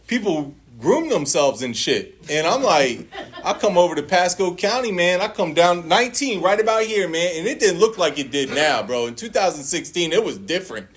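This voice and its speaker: Speaking at normal speed in a high voice, a man tells his recovery testimony to a meeting audience as a profane, joking story. He laughs often and acts out his own past lines in a livelier voice, over a faint hiss or hum.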